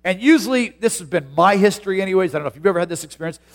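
A pastor preaching a sermon, moving from a chatty, personal tone into loud, drawn-out emphasis. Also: male voice, high-pitched, expressive.

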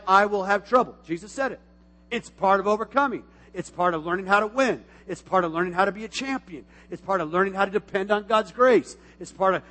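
A middle-aged man preaching from the pulpit in a high, ringing voice, carried by a long church-hall reverb. He drops to near-whispered asides, then bursts out loud. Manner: animated preaching, swinging from quiet asides to loud exclamations. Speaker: pastor. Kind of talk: sermon. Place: church sanctuary.

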